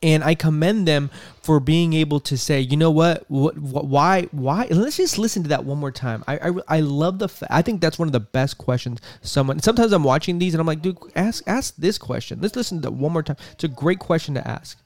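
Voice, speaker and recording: A man hosts a podcast in a fired-up, profane rant, circling back and repeating his points. His voice sits a little high for a man. The sound is dry and close, with no room echo. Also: expressive, fast talker, few pauses, a little mellow. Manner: profane, exasperated, repeats himself. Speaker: podcast host. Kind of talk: ranting podcast commentary.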